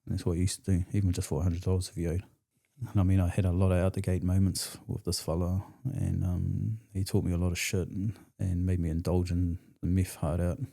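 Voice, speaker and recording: A New Zealand man speaking as a podcast guest, his voice low and dark in tone. He recounts his past candidly, with blunt, slangy, profane phrasing. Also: flat delivery, a little fast, gravelly, few pauses. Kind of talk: candid storytelling in conversation.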